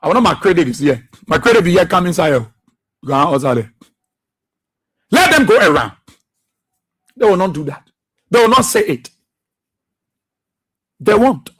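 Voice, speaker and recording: A man's voice: high-pitched, big pitch swings, normal speed, pauses often, husky. A man hosting a political radio talk show, impassioned and repetitive, firing rhetorical questions and laughing often.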